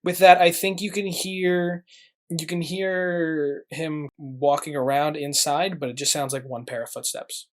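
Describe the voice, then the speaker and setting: A man's voice: fairly high pitch, little pitch movement, a little slow. A man narrating as game master of a tabletop game, rambling with many fillers.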